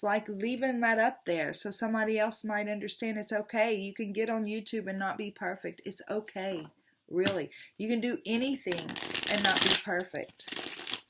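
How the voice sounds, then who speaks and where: A woman's voice: medium pitch, moderate pace, noisy background. An older woman chats with her viewers as a tarot reader. She rambles in a loose, affectionate way and restarts her sentences often. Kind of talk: casual chat to viewers.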